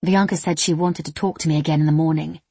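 A woman's voice: sits low, fairly even intonation, quick pace, mellow, slightly rough, no room sound. A woman voicing a wry, tired young woman with a dry, sardonic manner in a read-aloud story. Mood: hesitant.

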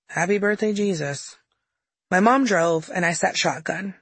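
Woman reading her memoir, wry and candid, kinda husky, super dry close mic. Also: fairly low pitch, normal speed, fairly bright tone, dry recording. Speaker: memoir narrator. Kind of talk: audiobook memoir narration.

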